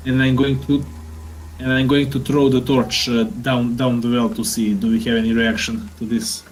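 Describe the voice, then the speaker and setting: A man's voice: medium pitch, flat delivery, moderate pace, a little hiss or hum, rough recording. A man playing a tabletop game who talks hesitantly, stopping often on filler sounds. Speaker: player. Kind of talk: casual tabletop game chat.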